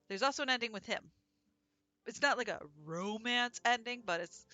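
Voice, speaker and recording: A woman's voice: a little high, animated, a little fast, pushed and bright, no echo, faint music behind. A woman streaming a visual novel, reading its text aloud and chatting between lines. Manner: chatty, reads dialogue aloud between asides. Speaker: gaming streamer. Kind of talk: let's play commentary, reading game text aloud.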